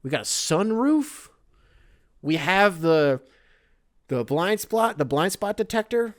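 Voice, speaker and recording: A male podcast host in his thirties with a somewhat high, lively voice that bounces all over as he rambles. The talk is casual, comic, and peppered with swearing. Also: takes it slowly. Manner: animated, profane, rambling. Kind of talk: casual comedic monologue.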